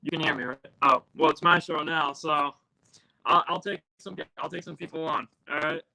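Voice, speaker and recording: A man's voice: on the high side, steady tone, normal speed, vocal fry, sharp tone, poor audio. A man calling into a podcast over a video call, talking casually and rambling with plenty of hesitations. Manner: rambling, hesitant with many fillers. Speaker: caller on a podcast. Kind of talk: casual chat.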